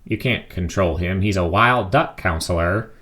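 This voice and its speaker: A man's voice: sits low, normal speed, fairly bright tone. A man voicing a nervous middle-aged male lawyer who stammers flustered questions.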